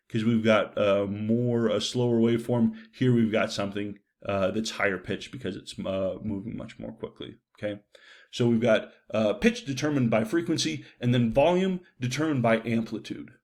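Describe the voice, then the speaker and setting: A man giving a university psychology lecture in a loose, conversational way, with frequent fillers and "right?" checks. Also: on the low side.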